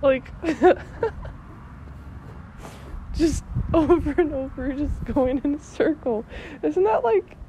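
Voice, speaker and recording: A woman's voice: sits high, animated, slow pace, pauses often. A young woman from Alberta, Canada, casually telling childhood stories, giggling often and swearing freely. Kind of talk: casual storytelling vlog. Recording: dull lo-fi with loud noise.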